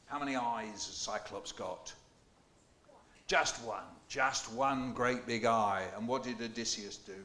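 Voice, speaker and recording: A man's voice: medium pitch, unhurried. A man hosting a school poetry launch, playful and jokey, quizzing the children and performing for them in a hall. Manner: playful, jokey, animated, asks the children questions. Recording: echoey hall.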